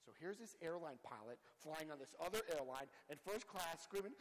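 A man telling his recovery story to a group, an animated storyteller who acts out the other voices loudly. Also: high-pitched, quick pace, hardly any pauses, big-room sound, heavy background noise. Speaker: speaker sharing recovery story.

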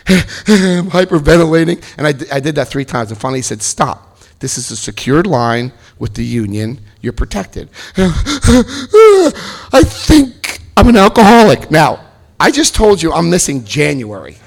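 A man in his fifties giving personal testimony at a recovery meeting, an animated storyteller who jokes and jumps into high voices for quotes. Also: moderate pace, vocal fry. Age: 50s.

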